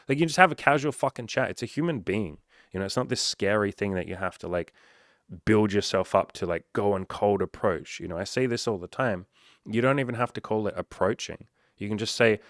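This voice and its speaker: A man's voice: lowish voice, fairly quick, no room sound, studio quality. A man talking as a dating coach in a casual, blunt monologue full of swearing. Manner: blunt and profane, conversational.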